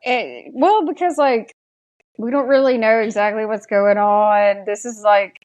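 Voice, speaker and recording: A woman's voice: medium pitch, measured pace, a little mellow, muffled recording. A woman with a Southern American accent, chatting casually as a podcast co-host and retelling scenes. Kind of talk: casual recap chat.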